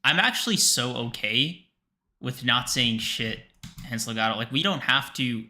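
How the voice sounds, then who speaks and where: A man's voice: mid-range voice, lively intonation, normal speed, sharp tone. A young man co-hosting a casual podcast livestream, exasperated and swearing often as he protests. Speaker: podcast co-host.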